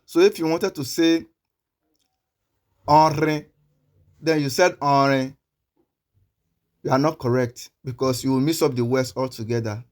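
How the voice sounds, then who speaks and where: A language teacher with a middle-pitched, somewhat dark voice leads a pronunciation lesson. He patiently repeats each example word several times, slowing down so the sounds come through clearly.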